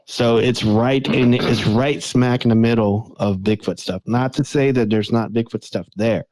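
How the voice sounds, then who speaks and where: A man's voice: medium pitch, fairly even intonation, a little slow, darkish tone, no room sound, poor audio. A man, a guest on a casual podcast, talking in a loose, rambling way.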